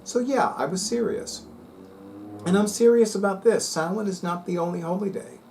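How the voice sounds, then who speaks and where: Sassy, emphatic man with a higher voice. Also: normal speed, darkish tone, slight background noise. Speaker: spiritual video host. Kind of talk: casual vlog chat.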